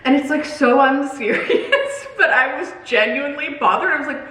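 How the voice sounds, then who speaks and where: A woman in her thirties with a fairly high voice talks chattily and dramatically, breaking into giggles as she cooks. The sound is roomy and echoey, like a home kitchen. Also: lively intonation, normal speed, sharp tone. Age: 30s. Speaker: vlogger. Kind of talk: casual chat.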